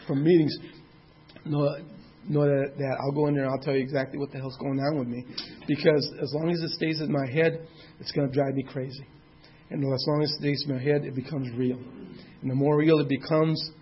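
A man's voice: mid-range voice, husky, highs cut off. A man in his sixties sharing his own story of recovery in a candid, plainspoken way, with a mild curse now and then. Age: 60s. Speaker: speaker sharing at a recovery meeting. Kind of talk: personal testimony.

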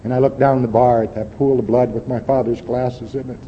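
A man's voice: mid-range voice, level tone, brisk. Earnest man telling his story in a hall. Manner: earnest storytelling, folksy, drops to quiet intensity. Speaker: recovery meeting speaker. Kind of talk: personal testimony talk. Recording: dull lo-fi hall recording with faint hiss.

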